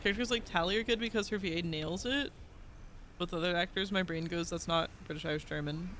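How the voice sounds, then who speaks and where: A male streamer doing live gameplay commentary, excitable and rambling, swearing freely and laughing often. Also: high-pitched, fast talker, a little hiss or hum. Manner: chatty, rambling asides.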